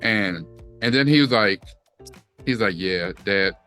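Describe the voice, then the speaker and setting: A man's voice: fairly low pitch, expressive, measured pace, pushed and bright, faint music behind. A middle-aged man, co-hosting a casual chat and acting out quotes as he tells a story. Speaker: co-host.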